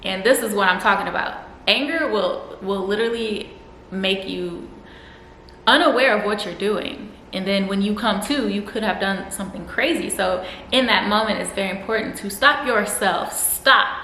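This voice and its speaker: A woman's voice: mid-range voice, normal speed, sharp tone, echoey room, slight background noise, poor audio. A young woman talks frankly to the camera about handling anger, swearing now and then and acting out her own outbursts. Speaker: vlogger. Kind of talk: candid self-help talk to camera.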